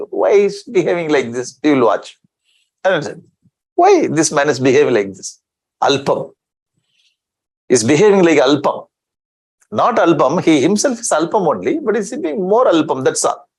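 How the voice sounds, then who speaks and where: A man's voice: fairly high pitch, rough recording. A man giving a scripture discourse as a swami, chanting Sanskrit verses and explaining them in with rhetorical questions.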